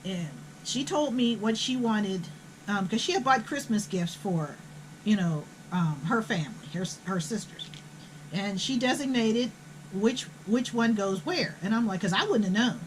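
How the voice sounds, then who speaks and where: A woman's voice: mid-range voice, lively intonation, a little slow, slight background noise, rough recording. An older woman, telling a family story in a blunt, profane, indignant way. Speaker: host. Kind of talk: casual storytelling.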